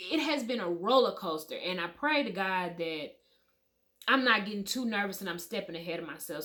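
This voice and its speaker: A woman vlogger telling her personal story at home in a casual, animated way, talking straight to her viewers and swearing now and then. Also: lowish voice.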